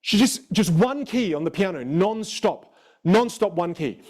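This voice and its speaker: Lively, animated male vocal coach. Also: fairly high pitch, fast. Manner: animated, expressive storytelling. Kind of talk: live online masterclass.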